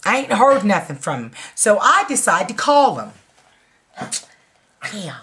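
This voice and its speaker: A woman's voice: medium pitch, big pitch swings, unhurried, a bit bright. A woman in her forties telling a story in a casual, blunt way, swearing freely and laughing along. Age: 40s. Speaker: vlogger.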